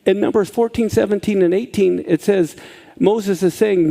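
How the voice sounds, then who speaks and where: A pastor teaching a Hebrew letter from scripture, often checking in with listeners and asking them questions. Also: male voice, high voice, moderate pace, vocal fry, dark tone. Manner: checks in with listeners with frequent "okay?"; asks the audience questions. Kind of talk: teaching a Bible-based Hebrew lesson.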